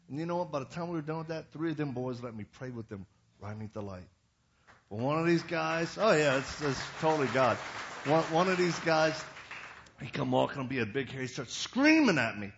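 An older man preaching with a storyteller's flair, jumping into quoted voices and breaking into loud bursts. His pitch sits in a middle range for a man. The recording has a dull, lo-fi sound. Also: a little hiss or hum. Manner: animated, acts out quotes with sudden loud bursts. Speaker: evangelist preacher. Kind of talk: storytelling sermon.

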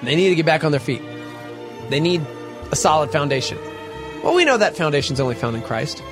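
A man hosting a morning radio show, telling a story in an animated, casual way. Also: music in the background. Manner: animated, fast storytelling with big pitch jumps. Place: radio studio.

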